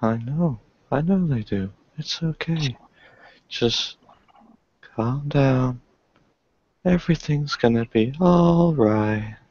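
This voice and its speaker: A man playing a tabletop role-playing game, speaking slowly and hesitantly, often sounding unsure. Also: medium pitch, darkish tone, dry recording, muffled recording. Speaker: player.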